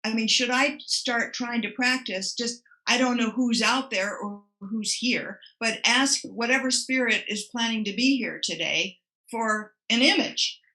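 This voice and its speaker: A woman's voice: a little high, measured pace, pushed and bright, low-quality recording. A woman student in a mediumship class, asking a question thoughtfully and restarting as she works it out. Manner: thoughtful, restarts while working out her question.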